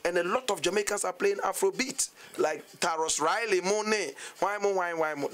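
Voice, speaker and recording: Animated Ghanaian man on radio. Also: high-pitched, normal speed. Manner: animated, switches between English and local phrases. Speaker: guest musician. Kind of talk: radio interview.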